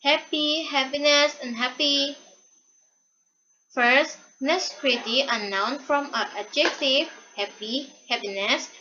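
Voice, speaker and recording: Young woman student, reading a class presentation, unhurried and halting, bright and slightly high voice. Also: slight background noise. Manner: reads a prepared script haltingly, with repeated restarts. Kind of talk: read-aloud class presentation. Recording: dull lo-fi recording.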